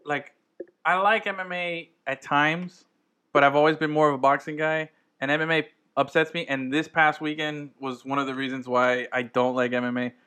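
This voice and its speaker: A man's voice: on the high side, steady tone, normal speed, sharp tone, clear, resonant tone. A young adult man co-hosting a casual sports chat, rambling, slangy and often laughing. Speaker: podcast co-host.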